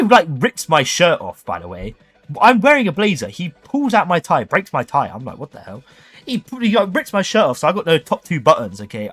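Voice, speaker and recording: Young man, livestream host, animated and jokey storyteller with a very lively delivery. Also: a little high. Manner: animated, jokey, acts out voices.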